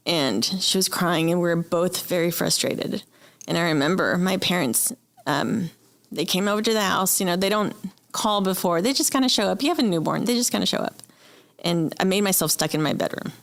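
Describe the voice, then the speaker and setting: Woman, low voice, candid, emotional, podcast guest storytelling. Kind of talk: personal interview conversation.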